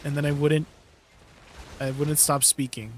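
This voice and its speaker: A man's voice: on the high side, flat delivery, measured pace, slight background noise. A man streaming a game, chatting casually with his viewers in an easygoing way, with plenty of fillers. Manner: chatty and easygoing, many fillers, laughs often. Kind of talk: casual livestream chat with viewers.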